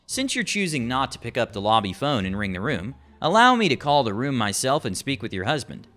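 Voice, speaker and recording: A man reading the lines of a calm, firm hotel front desk supervisor. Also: medium pitch, a little fast. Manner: polite, firm, procedural.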